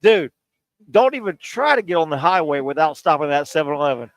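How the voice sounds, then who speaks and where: A man hosting casual sports radio banter, loud and jokey, swinging from shouting to mumbling. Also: on the high side, very animated, quick pace, dry recording.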